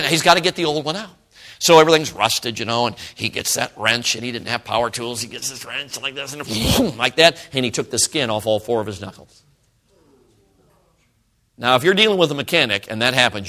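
A middle-aged man preaching a sermon, telling a folksy story with frequent laughs and swings between loud and hushed. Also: mid-range voice, animated, brisk. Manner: folksy storytelling, frequent "you know what I'm talking about".

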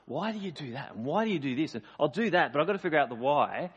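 A pastor delivers his sermon in a chatty yet emphatic way, his voice sitting a little high for a man. The sound is muffled and lo-fi, with a long reverb tail from the hall. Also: lively intonation, fast, breathy edge. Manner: conversational, emphatic preaching.

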